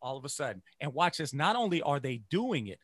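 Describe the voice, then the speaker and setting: A man who teaches music, giving an energetic motivational talk to teachers and chanting phrases in rhythm. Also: on the high side, brisk, dry recording, studio quality. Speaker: music educator.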